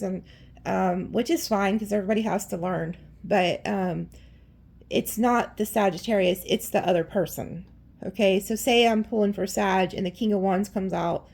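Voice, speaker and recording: Husky, gravelly woman giving a tarot reading. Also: mid-range voice, a little mellow. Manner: chatty and blunt, swears freely; rambling, with frequent restarts. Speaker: tarot reader.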